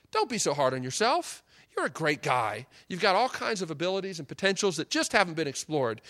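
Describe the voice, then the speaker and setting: A man preaching a sermon in an animated, emphatic way, acting out the lines he quotes. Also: high voice.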